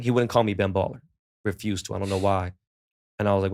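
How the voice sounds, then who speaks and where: This podcast guest, a middle-aged man, has a lowish, steady, slightly mellow voice that's creaky and brisk, with frequent pauses. His stories are relaxed and full of profanity, and he performs the quoted lines himself.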